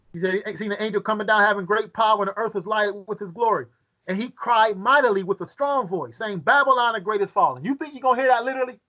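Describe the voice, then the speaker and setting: A man leading a Bible study, reading scripture aloud and putting questions to his listeners, sometimes halting and repeating words as he thinks. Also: high-pitched, a bit bright, dull audio.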